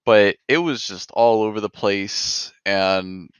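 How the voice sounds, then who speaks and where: Smooth-voiced man, dry close sound. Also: on the low side, slow, no room sound, dull audio. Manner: rambling, slangy. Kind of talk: casual chat about a webcomic.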